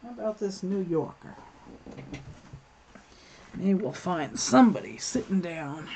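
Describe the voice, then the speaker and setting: A woman's voice: on the low side, lively intonation, a little slow, darkish tone. A woman hosting a crafting livestream, chatting casually and thinking aloud while she works, reading comments and laughing at them. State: hiccups.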